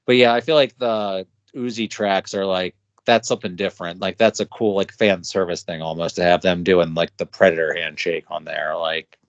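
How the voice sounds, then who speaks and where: A man's voice: low voice, fairly even intonation, normal speed, no echo. A man co-hosting a podcast, talking about music in a laid-back way, filling his sentences with "like". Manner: laid-back, lots of filler likes. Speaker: podcast co-host. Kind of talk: casual music discussion. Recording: dry, dull lo-fi audio.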